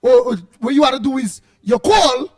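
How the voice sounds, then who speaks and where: A man's voice: very high-pitched, a little fast. A man with a Trinidadian accent hosting a call-in radio show, talking emphatically and often raising his voice. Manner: emphatic, animated, often shouting. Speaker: radio talk show host.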